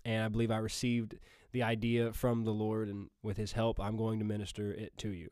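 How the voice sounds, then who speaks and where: A man's voice: medium pitch, a little mellow, no room sound, clean studio sound. A man with a Southern Missouri accent, hosting a podcast and preaching in a casual, earnest way full of fillers and restarts.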